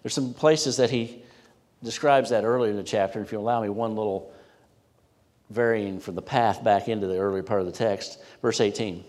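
A man preaching a sermon emphatically, rising in pitch and volume when reading scripture and dropping low for asides. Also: fairly even intonation, moderate pace, darkish tone. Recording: long hall reverb.

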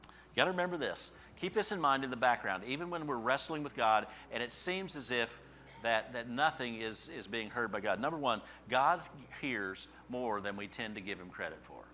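A man's voice: medium pitch, expressive, moderate pace, bright, forceful tone, a little hiss or hum. A man preaching a sermon in a conversational way who often checks in with "okay?" and rises sharply when he voices a prophet's cries. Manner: conversational asides ending in "okay?". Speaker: pastor.

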